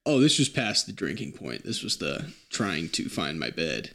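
A man's voice: deep voice, big pitch swings, moderate pace, creaky, fairly bright tone. Laid-back man in his twenties. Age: 20s. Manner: laid-back, rambling, hedging with fillers. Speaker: podcast co-host. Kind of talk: casual chat.

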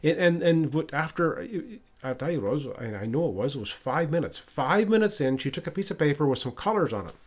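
A man's voice: a little high, lively intonation, fairly quick. A man hosting a podcast, casually telling a personal story and retelling conversations, often restarting and repeating words. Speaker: podcast host. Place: lives in Ottawa.

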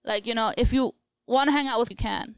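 A woman's voice: fairly high pitch, brisk, smooth, no room sound, low-quality recording. A young woman in her twenties on a casual podcast, telling a breakup story with lots of quoted back-and-forth and "like". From Latina, US.

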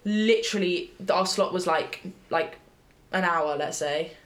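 A woman's voice: fairly low pitch, measured pace. A young woman, co-hosting a casual chat podcast and telling stories with lots of "like". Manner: chatty, animated storytelling with frequent "like". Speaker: podcast co-host. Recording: echoey room.

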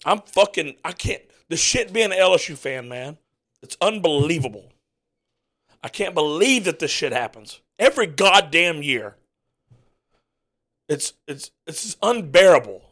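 A man ranting angrily as a sports fan podcaster, swearing constantly and breaking into yelled outbursts. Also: sits high. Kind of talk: angry profane rant while watching a game.

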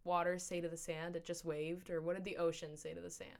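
A woman's voice: lowish voice, little pitch movement, quick pace, gravelly, darkish tone, a little hiss or hum. A teenage girl from Canada, chatting casually as the interviewee, with lots of fillers and restarts. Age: teens.

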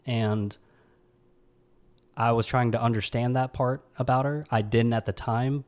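Male podcast host, 30s, from Mississippi; somber, halting personal storytelling. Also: mid-range voice, steady tone, darkish tone. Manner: somber, halting, with frequent restarts.

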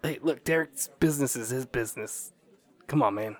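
A man's voice: mid-range voice, normal speed, a faint crowd, close to an everyday voice. A man playing a talking snake sidekick who is also a karate master, laid-back and agreeable, in an improvised comedy role-play.

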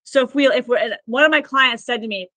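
A spiritual healer who practices Akashic records reading tells stories as a podcast guest, earnest and rambling, her speech crowded with "like." Her voice is a little high and quick, with a bright, forceful edge. The recording is dry with no echo but rough in quality.

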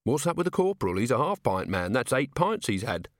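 A man's voice: mid-range voice, sing-song, a little fast, no echo, studio quality, lightly acted. A man voicing a curious, gossipy male barman in a tavern, in an audiobook. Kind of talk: audiobook character voice.

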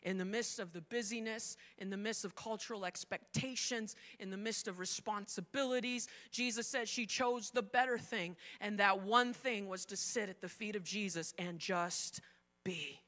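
With a mid-range voice at a normal speed, a middle-aged woman pastor delivers a lively sermon. She acts out the quotes in the story and swings between loud and soft.

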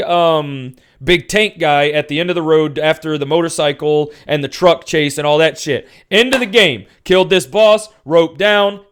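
A young man in casual talk, ranting about a video game, swearing a lot and rambling with restarts. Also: high voice. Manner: profane, rambling, gets loud and excited.

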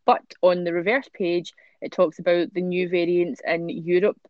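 A woman's voice: fairly low pitch, level tone, moderate pace, a little mellow, no room sound, lo-fi sound. A woman hosting a podcast, chatting casually with many fillers and reading out newspaper stories. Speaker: podcast host.

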